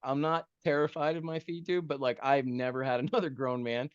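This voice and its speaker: A man telling a humorous story as a podcast guest, animated and self-mocking, with lots of casual dude and bro. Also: medium pitch, fairly quick, clean tone, dry recording, dull audio.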